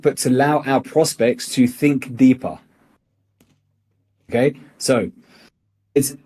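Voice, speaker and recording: Brash, emphatic young sales coach. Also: male voice, mid-range voice, darkish tone, breathy edge. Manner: emphatic, swears casually. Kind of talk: motivational teaching talk.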